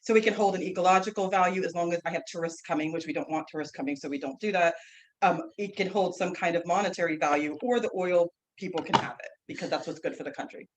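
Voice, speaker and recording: Woman instructor, chatty and animated storyteller, slightly off-mic with light background hiss. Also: lowish voice, fast, rough recording. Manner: lively, rambling, with restarts and frequent "like". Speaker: herbal instructor and guest speaker. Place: classroom, speaking away from the mic.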